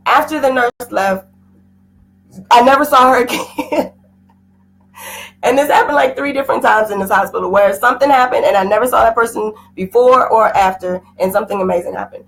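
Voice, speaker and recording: A woman's voice: on the high side, a little fast, vocal fry, long pauses, slight background noise, low-quality recording. A middle-aged woman giving an intense, emotional personal testimony, her voice rising at times. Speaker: guest sharing a personal story.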